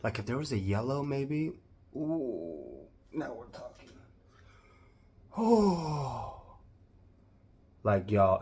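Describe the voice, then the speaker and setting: A man with a Southern US accent narrating a makeup tutorial, gushing with drawn-out exclamations. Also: mid-range voice, big pitch swings, darkish tone, slight background noise. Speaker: makeup vlogger.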